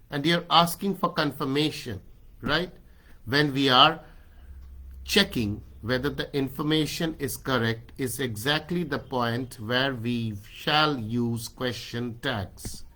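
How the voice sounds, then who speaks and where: Over a video call, a man teaches an online grammar class in a bright, forceful, medium-pitched voice, never rushing. This English teacher blends Hindi with English and frequently checks in with "right?".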